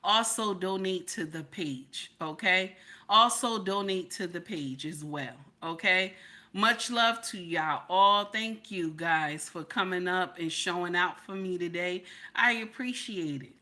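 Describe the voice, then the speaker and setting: A middle-aged woman hosting casual livestream commentary, loud and playful, answering her chat as she talks. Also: lowish voice, unhurried.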